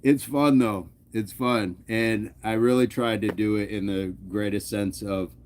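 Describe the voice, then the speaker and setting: A man's voice: lowish voice, steady tone, a little slow, darkish tone. A man hosting a fitness channel, chatting casually with his live chat, joking often and laughing. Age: adult.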